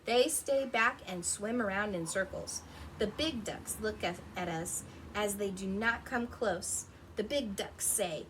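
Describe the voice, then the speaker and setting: A woman's voice: medium pitch, measured pace, fairly bright tone, a little hiss or hum. A woman reading a picture book aloud to young children at home, stopping to ask them questions and imitate animal sounds. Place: her home.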